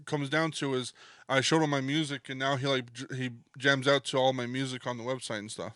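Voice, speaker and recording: A man co-hosting a casual podcast, laid-back and loose, cursing easily and leaning on ums and uhs. His voice sits at a middle pitch and sounds dry and close, with no room around it. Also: steady tone, a little fast, sharp tone, dry recording. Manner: laid-back, swears freely, many fillers. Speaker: podcast co-host. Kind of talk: casual chat.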